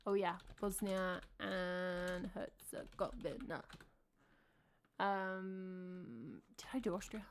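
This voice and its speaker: A woman's voice: mid-range voice, steady tone, slow pace, pauses often. A woman with an English accent, chatting casually on a live stream, thinking aloud and answering her chat. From England.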